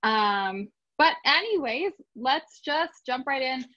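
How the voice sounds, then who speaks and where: A woman's voice: sits high, expressive, takes it slowly, faint music behind. A woman from San Diego speaking as a guest on a video call, a little nervous, chatty and self-deprecating. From San Diego, California. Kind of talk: casual talk on a video call. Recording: dull lo-fi call audio.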